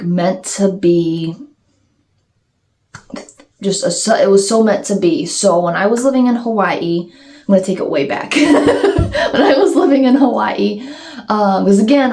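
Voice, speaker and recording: A woman's voice: fairly low pitch, darkish tone. Candid rambling woman vlogger. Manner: candid and rambling, with many restarts and fillers. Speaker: YouTuber answering viewer questions. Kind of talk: casual confessional Q&A vlog.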